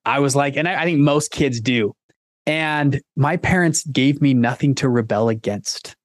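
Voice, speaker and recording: A man's voice: medium pitch, normal speed, no echo. A young man chatting as a podcast guest, telling stories in a loose, rambling way full of restarts and fillers. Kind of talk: casual podcast conversation.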